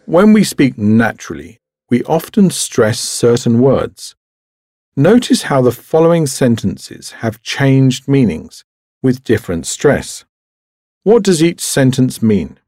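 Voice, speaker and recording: A man reading a scripted language lesson in a very slow, measured way. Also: big pitch swings, mellow. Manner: very slow, measured reading with very wide pitch movement. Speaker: language course narrator. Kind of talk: scripted educational narration.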